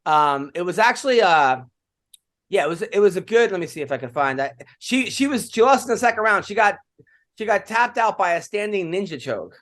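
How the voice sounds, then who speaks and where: A man with a noticeably high voice chats casually as a podcast co-host. He rambles through his stories, leaning hard on "like" and restarting his sentences. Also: expressive, a little fast, fairly bright tone. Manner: rambling storyteller, many "like" fillers. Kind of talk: casual chat.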